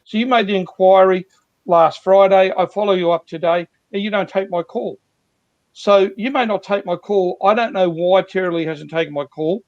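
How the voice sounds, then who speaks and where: A man's voice: high voice, normal speed, no room sound, lo-fi sound. A man working as a sales coach, earnestly explaining techniques through repeated examples on a video call.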